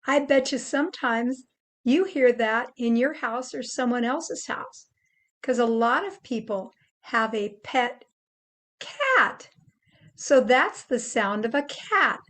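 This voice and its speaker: An older woman gently teaching children how to make animal sounds, explaining each step patiently. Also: a little high, animated, slow. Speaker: children's presenter.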